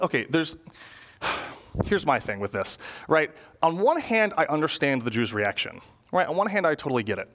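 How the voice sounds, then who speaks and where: Young guy pastor giving a sermon, chatty and slangy, voice bouncing up and down a lot, kinda high for a dude. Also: moderate pace. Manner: casual, animated preaching with slang and rhetorical questions. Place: church.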